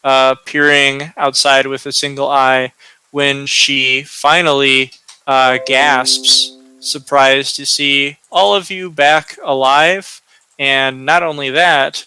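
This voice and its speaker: A man narrating as game master of a tabletop game, slow and hesitant, with many fillers. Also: mid-range voice, steady tone, sharp tone, smooth, no echo, rough recording.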